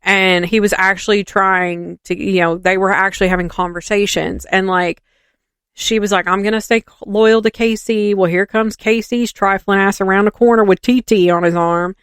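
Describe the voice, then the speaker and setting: A podcast co-host with a clean, medium-pitched voice animatedly retells a reality show in casual, gossipy chat, acting out the quotes. She speaks at a moderate pace, with no echo.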